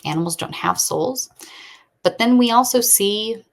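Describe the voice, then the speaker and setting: A woman in her thirties hosting a casual faith podcast from home, telling family stories with lively quoting and talking earnestly. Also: medium pitch, a little slow, creaky. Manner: chatty storyteller, animated quoting, earnest faith talk. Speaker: podcast host and homeschooling mother. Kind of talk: casual chat. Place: at home during a thunderstorm.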